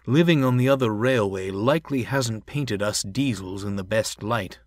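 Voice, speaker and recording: A man's voice: on the low side, normal speed, no echo, studio quality, lightly acted. A man voicing a weary, resigned male diesel engine who speaks with a sigh. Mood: rueful. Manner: resigned, sighing.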